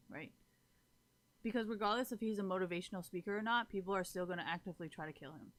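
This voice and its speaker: A woman's voice: mid-range voice, steady tone, fast, fairly bright tone. Blunt, swearing woman ranting to chat. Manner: keeps checking in with listeners. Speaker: live streamer. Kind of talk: casual talk to stream chat.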